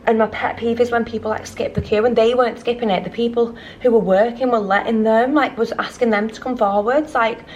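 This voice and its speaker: A woman's voice: on the high side, steady tone, brisk, few pauses, a little mellow, lo-fi sound, slight background noise. A young woman vlogging casually about her travel day in a hotel room, rambling and self-deprecating, her voice audibly shaky. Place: hotel resort room, indoors. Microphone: handheld camera.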